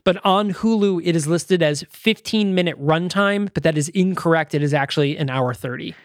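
Higher-voiced man in casual chat. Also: normal speed, no echo, clean studio sound. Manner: rambling, lots of fillers and restarts. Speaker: podcast co-host. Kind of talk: casual movie-review chat.

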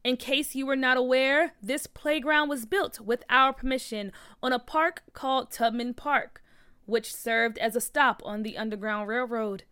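A woman's voice: a little high, steady tone, unhurried, bright, forceful tone, clear, resonant tone, no room sound, studio quality. A woman voicing a formal, authoritative man who heads a historical society, in a storybook read-aloud.

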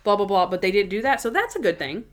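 A woman's voice: medium pitch, big pitch swings, fast. A young woman co-hosting a casual chat, recapping episodes in a chatty way. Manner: chatty, acts out scenes in voices.

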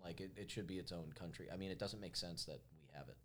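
A man's voice: sits low, fast, a bit bright, slight background noise. A man in casual chat, hesitantly searching for words as he makes his point.

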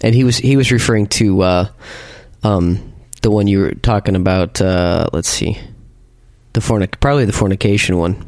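A man hosting a podcast in casual chat, relaxed, reading out listener comments. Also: on the low side, moderate pace, dry recording, clean studio sound. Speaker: podcast host.

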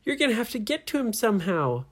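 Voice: mid-range voice, sing-song, quick pace, slightly rough, voice pushed up. A storyteller voicing a group of unsure young companions, coaxing and hesitant.

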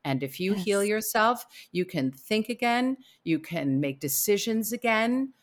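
A woman author, a guest on a podcast, talking earnestly and emphatically and acting out quoted lines with big swings in pitch. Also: lively intonation, unhurried. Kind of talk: casual conversational interview.

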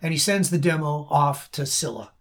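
A musician telling a song's backstory in casual chat, with halting restarts, plus faint guitar behind. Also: mid-range voice. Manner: animated anecdotal storyteller, halting restarts.

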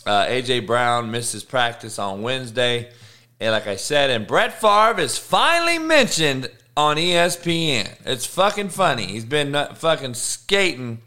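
Guy hosting a sports betting show, casual, swears a lot, reads injury news, medium pitch. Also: animated, a little slow, pushed and bright. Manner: profane, offhand, reads news aloud.

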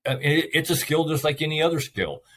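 A man's voice: fairly high pitch, expressive, fairly quick, a bit bright, breathy edge. A man in a casual conversation, speaking emphatically and repeating his key points like a seasoned speaker to students.

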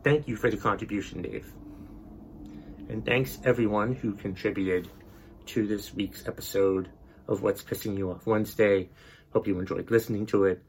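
A man's voice: fairly low pitch, fairly even intonation, moderate pace, slight background noise. A male podcast host delivering an exasperated, profanity-heavy rant. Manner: angry, exasperated, heavy swearing.

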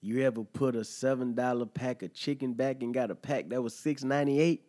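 A man's voice: mid-range voice, brisk, dark tone. A man hosting a podcast, riffing casually on an article with a laid-back, profane manner, chuckling often and asking listeners if they follow him. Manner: conversational, asks listeners "you feel me?". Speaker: podcast host. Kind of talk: casual monologue reacting to an article.

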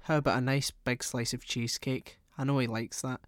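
A friendly neighborhood grocer chatting with a customer, read by a male narrator. He sounds pleasant and helpful, a touch higher than the narrator's own voice. The sound is close and dry. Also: little pitch movement, a little fast, dry recording, natural voice. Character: friendly neighborhood grocer, middle-aged man. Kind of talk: audiobook character reading.

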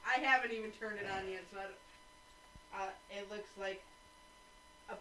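A woman co-hosting a casual chat, profane and animated as she tells stories. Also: medium pitch, moderate pace, slight background noise, low-quality recording.

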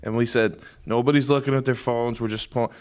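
A man's voice: mid-range voice, steady tone, fast talker, darkish tone. A man trading wry, joking asides in casual podcast banter.

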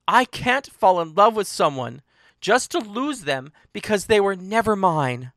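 A storyteller voicing a distraught young woman who pleads slowly and insistently that she is not the person mistaken for her. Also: medium pitch, sing-song, a bit bright, no echo, studio quality. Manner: pleading, insistent, slow and emphatic. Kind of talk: dramatic audiobook reading.

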